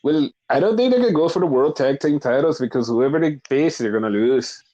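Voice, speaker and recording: A man's voice: a little high, expressive, a little fast, mellow, muffled recording. A man hosting a podcast, recapping in a blunt, profane, rambling casual chat. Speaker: podcast host.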